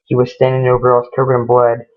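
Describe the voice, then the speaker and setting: Man doing a scared husband, rushed and panicky, gravelly voice, tinny phone-line sound. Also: medium pitch, monotone, natural voice. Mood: panicked. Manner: hurried, panicky run-on pleading. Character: frantic frightened husband, adult man.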